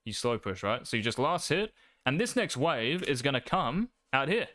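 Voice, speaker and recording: A man's voice: mid-range voice, very animated, moderate pace, sharp tone, no room sound, clean studio sound. A young adult man, casually coaching gameplay, brash and cocky, swearing freely.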